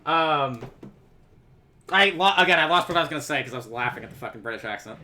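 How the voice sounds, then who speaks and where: Bright-voiced man reacting casually. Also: fairly high pitch, expressive, fast. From Texas. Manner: rambling, laughs often, swears. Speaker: reaction video creator.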